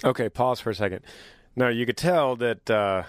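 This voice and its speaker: A man hosting a casual monologue to his viewers, animated and joking, teasing as he talks. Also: medium pitch, moderate pace, clear, resonant tone, no echo, clean studio sound. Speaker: host.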